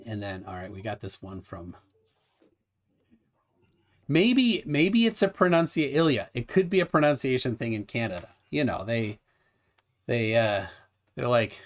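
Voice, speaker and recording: Animated man hosting a live debate. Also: mid-range voice, a little slow, pauses often. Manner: animated, many restarts, reads chat aloud. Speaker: livestream host.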